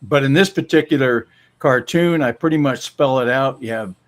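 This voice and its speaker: A laid-back man who hosts a live stream. He speaks at a middle pitch in an easygoing voice and often answers with short agreeing replies. The tone is casual, conversational and unhurried. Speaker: cartoonist and show host.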